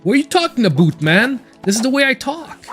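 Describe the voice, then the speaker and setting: A man's voice: very high-pitched, sing-song, fairly quick, a bit bright, faint music behind, pitched above the performer's own voice, full character voice. A man hamming up a broad Canadian accent. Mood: teasing. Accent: exaggerated Canadian. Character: overdone Canadian guy, cheerful and teasing.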